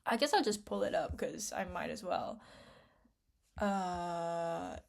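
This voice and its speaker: A woman's voice: fairly low pitch, slow pace, creaky, slight background noise. A young woman rambling to camera in an unedited vlog, tearful, with many fillers, restarts and self-interruptions. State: tearful after crying. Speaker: vlogger.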